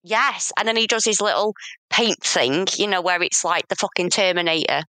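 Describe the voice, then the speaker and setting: A woman's voice: lowish voice, moderate pace, sharp tone, dry recording. A woman co-hosting a casual film chat, teasing her co-host and swearing casually. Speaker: podcast co-host.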